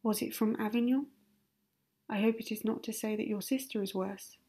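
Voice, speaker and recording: Woman softly voicing a prying gossipy old lady. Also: mid-range voice, fairly even intonation, moderate pace, husky. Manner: prying, insistent. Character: nosy, meddling older gossiping woman. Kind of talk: whispered role-play.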